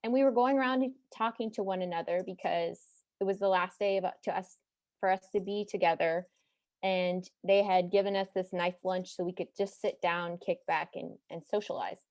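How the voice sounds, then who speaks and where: A young woman from Texas with no regional accent, telling a personal story to an audience in a chatty, animated way with side remarks. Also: medium pitch, moderate pace, dry recording. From Texas, United States.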